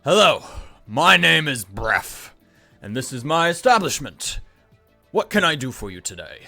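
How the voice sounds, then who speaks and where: A man voicing a huge, boisterous male goliath armorer with a loud, hearty delivery. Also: sing-song, a little slow, creaky, faint music behind, exaggerated voice. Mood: jovial. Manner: booming, jovial, hearty.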